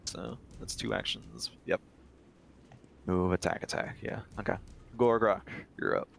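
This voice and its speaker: A man running a tabletop game as game master, upbeat and quick to laugh. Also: low voice, creaky, fairly bright tone, slight background noise.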